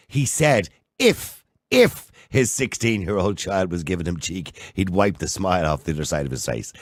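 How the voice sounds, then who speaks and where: A man's voice: sits low, fairly bright tone, no echo, studio quality. An Irish man in his sixties hosting a phone-in radio show, blunt and opinionated as he argues with callers. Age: 60s. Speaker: radio talk show host.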